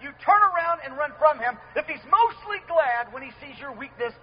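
A man's voice: very high voice, lively intonation, moderate pace, muffled recording. A man preaching a sermon to a live audience, earnest and emphatic, repeating key phrases.

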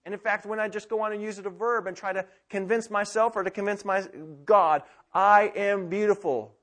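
Impassioned preacher, man, higher voice. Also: fairly even intonation, a little fast. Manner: impassioned preaching, swinging from loud urgency to hushed intimacy. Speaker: pastor. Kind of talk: sermon. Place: church sanctuary with congregation.

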